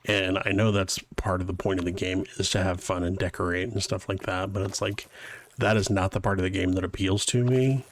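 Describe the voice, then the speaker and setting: A man's voice: low-pitched, steady tone, fairly quick, a little hiss or hum. A man streaming a video game live, chatting casually and rambling to his viewers as he plays. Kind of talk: casual live-stream chat while playing.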